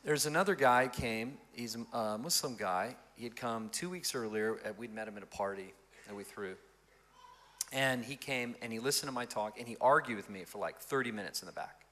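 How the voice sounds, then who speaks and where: A male pastor telling stories in an interview, in an animated and expressive way. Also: medium pitch, a little fast, slight background noise. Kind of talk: storytelling in an interview.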